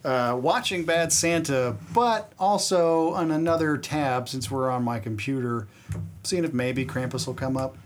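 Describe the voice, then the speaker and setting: A man's voice: medium pitch, measured pace, a little hiss or hum. A man co-hosting a comedy podcast from a studio, telling crude stories in casual chat. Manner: crude storytelling with acted quotes. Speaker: podcast co-host.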